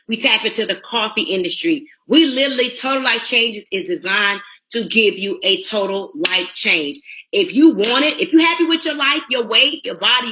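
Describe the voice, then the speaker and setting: A woman giving a blunt, preachy motivational sales pitch on a conference call. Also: pushed and bright, dull audio. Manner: blunt, preachy, talks straight to listeners. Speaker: network marketing recruiter.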